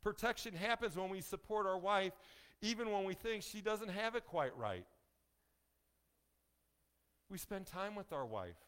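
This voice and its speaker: Male pastor, slightly high voice, folksy sermon delivery with jokes to the pews, leans on key lines. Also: lively intonation, fairly bright tone, smooth. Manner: folksy, joking asides to the congregation; emphatic, slows down on key phrases.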